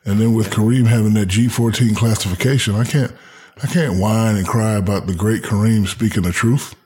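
A man's voice: lowish voice, brisk, a little mellow, slightly rough. A retired athlete in his forties, a guest, telling stories in casual chat and mimicking people with joking boasts. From Newark, New Jersey, USA. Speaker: retired basketball player, podcast guest.

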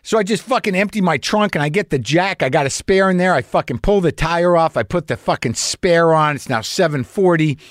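A man's voice: fairly high pitch, lively intonation, a little fast, few pauses, no echo, studio quality. A man, a comedian and podcast host, telling a long story in a rambling, profane, self-questioning monologue.

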